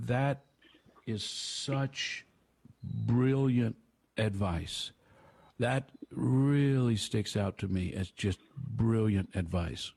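A man hosting a call-in radio show, talking to callers in an emphatic, animated way. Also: on the low side, creaky, breathy edge, dry recording. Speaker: radio host.

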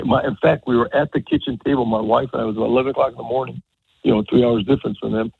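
A man in his seventies, a retired baseball coach, telling stories on a radio show in a rambling, animated way with many restarts. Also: mid-range voice, rapid-fire, vocal fry, husky, dry recording. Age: 70s. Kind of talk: casual radio interview. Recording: tinny phone line.

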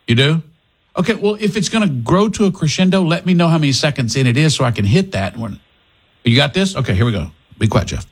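Animated radio talk host. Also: male voice, fairly high pitch, fast, breathy edge. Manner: jokey, animated, restarts sentences. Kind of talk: casual radio call-in chat.

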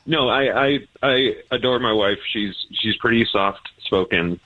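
A man calling in to a radio show, chatting casually and haltingly with many fillers and restarts, heard over a phone line. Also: medium pitch, husky. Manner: hesitant, rambling with fillers and restarts. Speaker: caller.

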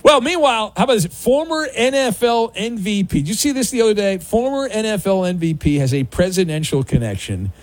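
A man hosting a sports radio show, his voice a touch higher than most and swinging up and down a lot as he talks. He teases callers and riffs on the news in a loose, animated way. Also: brisk, hardly any pauses, dry recording. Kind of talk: casual sports radio chat.

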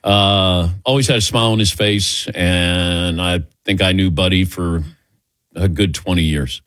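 A man hosts a call-in radio show, chatting casually with co-hosts and callers in an easygoing way and happily acting out quoted exchanges. His voice is deep, steady, fairly bright, and a little slow, recorded dry.

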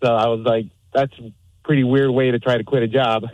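A man's voice: medium pitch, little pitch movement, fairly quick, a little mellow, dry recording, highs cut off. Male caller, casual and plainspoken, dry recording. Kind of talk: telling a story on a radio call-in.

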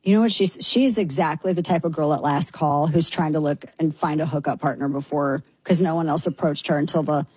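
A woman's voice: low-pitched, a little mellow, slightly rough, no echo. A woman hosting a talk show, delivering a brash, sarcastic opinion monologue. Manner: brash, sarcastic, fast-shifting.

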